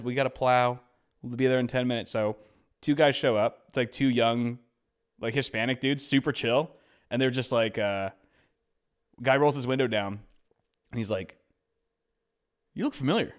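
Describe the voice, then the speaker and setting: A young man on a podcast telling a story in a casual, animated way, switching into quoted voices as he goes. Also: mid-range voice, normal speed, long pauses, clean tone. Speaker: podcast co-host.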